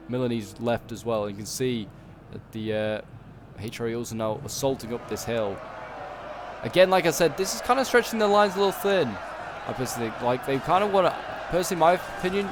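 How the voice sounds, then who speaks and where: There's background noise behind this mid-range male voice, a Yorkshire-accented game channel host. He rambles casually through his gameplay commentary, leaning on "like" and "um" and fixing his own words as he goes.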